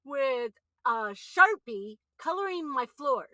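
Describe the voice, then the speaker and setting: A middle-aged woman, a mother co-hosting a family podcast, telling stories in an animated way and laughing as she goes. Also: high-pitched, slow, no echo. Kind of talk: casual storytelling.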